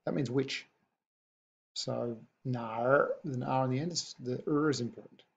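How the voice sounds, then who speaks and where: Gravelly man teaching a patient online lesson. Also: medium pitch, fairly even intonation. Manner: patient, repeats new words slowly. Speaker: language teacher. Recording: dull lo-fi recording.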